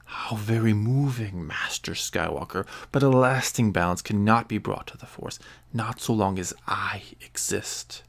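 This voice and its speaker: A man voicing a scheming old male overlord of the dark side in a read-aloud story. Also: lowish voice, a little slow, gravelly. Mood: defiant.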